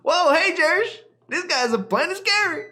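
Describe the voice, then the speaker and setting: Man voicing a carefree boy sidekick from a video game: high, bright and loud, well above his own voice. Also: animated, unhurried, full character voice. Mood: cheerful. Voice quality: high and bouncy. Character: cheerful, carefree young boy trainer.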